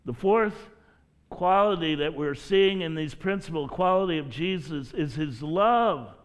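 Slow, earnest preacher man. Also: fairly high pitch, expressive. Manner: earnest, deliberate preaching with drawn-out pauses; addresses listeners directly as brother or sister. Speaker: pastor. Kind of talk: sermon.

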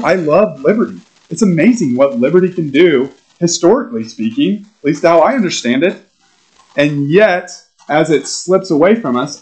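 A man's voice: a little high, poor audio. A middle-aged man, a pastor, preaching a conversational sermon with probing questions and frequent fillers.

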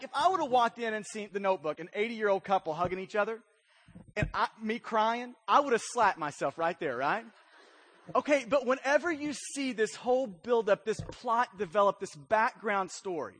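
High-voiced man preaching a casual, joking sermon. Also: a bit bright. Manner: conversational storytelling with frequent "right?" check-ins. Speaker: pastor.

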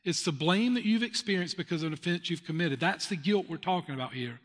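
A man's voice: high-pitched, fast talker, in a large hall. A man preaching a sermon, mixing personal confession and storytelling with emphatic points. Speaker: pastor.

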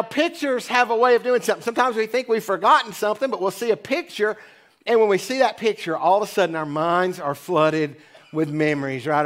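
Speaking from a church sanctuary, a man in his forties preaches a relaxed, humorous sermon. His voice is high-pitched and a bit bright, and his style is conversational, full of playful asides.

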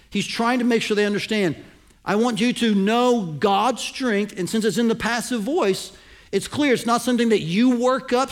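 A high-pitched man preaches to his congregation, walking through a passage point by point. He keeps asking whether they are following him, and he slows right down to land the key phrases. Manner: teaching, asks the congregation to follow along. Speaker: pastor. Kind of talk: sermon.

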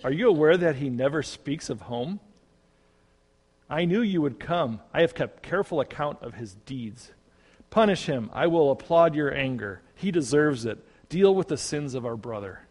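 A man's voice: on the high side, expressive, moderate pace, darkish tone. A man voicing a proud, fault-finding younger brother who eagerly accuses his sibling. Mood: accusing. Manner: eager, accusing, self-righteous. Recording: long reverb.

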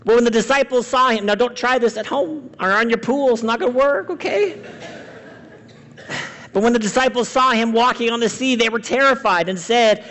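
High-voiced preacher in a reverberant hall. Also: male voice, lively intonation, moderate pace. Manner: swings from loud emphatic lines to hushed quiet ones. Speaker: pastor. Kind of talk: sermon. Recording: long reverb of a large hall.

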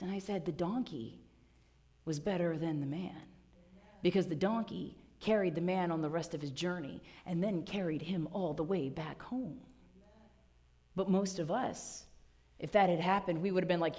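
A woman's voice: medium pitch, animated, moderate pace. A woman pastor preaching a sermon, telling a story playfully and acting out little voices in the quotes.

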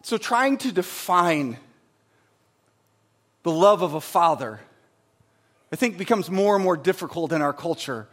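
A man preaching in a church with a voice set high for a man. He is emphatic and swings between loud bursts and hushed passages. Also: lively intonation, a little slow, long pauses. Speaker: pastor. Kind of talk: sermon.

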